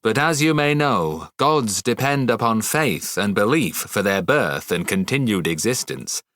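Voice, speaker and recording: A man's voice: fairly low pitch, expressive, a little slow, a bit bright, dry recording, clean studio sound. A man voicing a stern witch assassin woman. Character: stern female witch assassin, cold and commanding.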